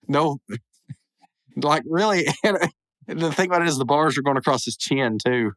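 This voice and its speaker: A man's voice: mid-range voice, a bit bright, dry recording. Podcast guy rambling thru a cartoon recap, mid voice, dry close sound. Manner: rambling, chuckling asides. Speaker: podcast host. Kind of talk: casual episode recap.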